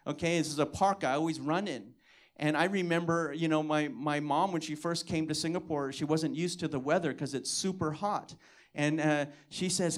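A man's voice: fairly high pitch, unhurried. A man preaching to his church, telling a personal testimony and acting out the dialogue in it, with repeated calls of "come on". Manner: storytelling, acts out dialogue, exhorts with "come on". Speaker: pastor.

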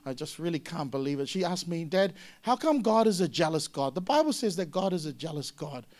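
A middle-aged man from Samoa delivers a sermon with a high-pitched voice. He talks in a lively way and jumps into acted-out voices that get loud and sharp. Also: fairly quick. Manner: animated, acts out voices with sudden loud high bursts. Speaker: pastor.

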